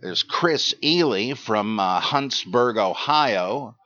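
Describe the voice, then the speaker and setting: An older man hosts a podcast, rambling through listener names and questions with dry asides and plenty of hesitations. His medium-pitched voice is expressive, slow, pushed and bright. The recording is dull and lo-fi.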